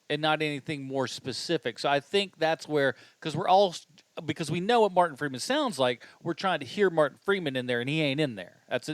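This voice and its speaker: Slightly high-voiced man, dry close sound. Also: fairly bright tone, clear, resonant tone, no room sound. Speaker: podcast co-host. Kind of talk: casual movie podcast chat.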